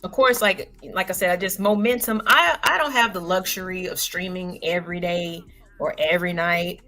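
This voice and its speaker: A woman's voice: fairly low pitch, normal speed, pushed and bright. A woman who is a parent, hosting her own livestream in a loose, slangy, casual monologue. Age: adult parent. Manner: loose and chatty, full of fillers and slang. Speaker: livestream host. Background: faint background music.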